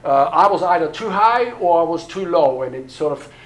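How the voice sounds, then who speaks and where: A man's voice: a little high, lively intonation, moderate pace, low-quality recording. Rambling older man in his sixties. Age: 60s. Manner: rambling personal storytelling with many fillers. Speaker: pastor. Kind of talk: workshop talk to a church audience.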